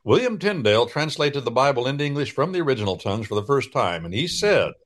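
A man hosting a radio talk show, explaining in a folksy, preacherly way with drawn-out pauses. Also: mid-range voice, big pitch swings. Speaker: radio host.

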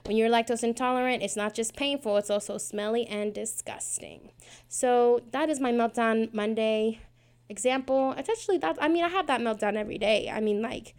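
Twenty-something girl rambling on her podcast, lots of likes and ums, kinda high voice. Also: brisk. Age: 20s. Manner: rambling, self-mocking, full of fillers. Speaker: podcast host. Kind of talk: casual prayer podcast chat.

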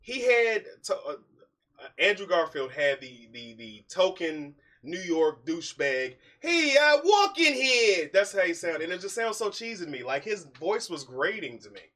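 A man hosting a podcast in casual chat, animated and teasing, laughing often. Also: fairly high pitch, normal speed. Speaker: podcast host.

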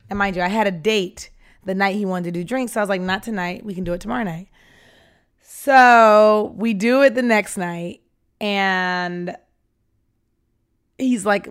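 A woman telling a dating story in a casual, animated way, swearing freely and acting out both sides of the talk. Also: mid-range voice, normal speed, long pauses, clean tone. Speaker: podcast storyteller.

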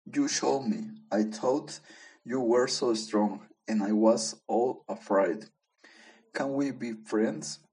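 A man voicing a sly male wolf in a storybook, calling out loudly and plainly. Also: medium pitch, slow, poor audio. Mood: sheepish. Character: sly male wolf, scheming then sheepish.

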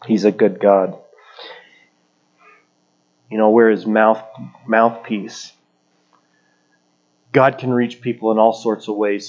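A man's voice: on the low side, darkish tone, muffled recording. Conversational middle-aged male pastor preaching. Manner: conversational, plainspoken. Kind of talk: sermon.

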